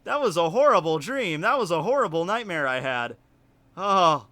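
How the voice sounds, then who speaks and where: A man with a Southern US accent, telling a story in casual livestream chat, rambling and animated with lots of fillers. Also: high voice, normal speed. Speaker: YouTuber hosting a livestream.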